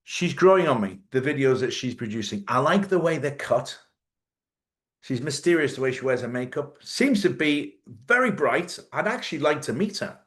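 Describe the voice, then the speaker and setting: A man's voice: medium pitch, sing-song, moderate pace, fairly bright tone. A man hosting a casual live-stream chat. He jokes, laughs often and swears freely. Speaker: host.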